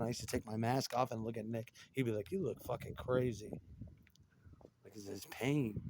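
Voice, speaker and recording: Middle-aged man, rambling, profane, mid-range voice, faint ambient noise. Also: medium pitch. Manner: profane, rambling, jumps between topics. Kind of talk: rambling monologue.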